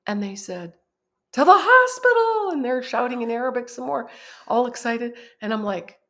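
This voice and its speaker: A woman guest on a podcast, telling a personal story in a vivid, animated way and often laughing at herself. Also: a little high, moderate pace. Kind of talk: personal storytelling in a conversational interview.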